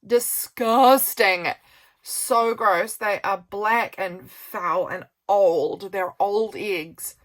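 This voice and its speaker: A woman's voice: medium pitch, steady tone, extremely slow, hardly any pauses. A woman vlogging casual chat as she flips through her journal, rambling with lots of fillers and sounding tired. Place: home desk by a sunny window.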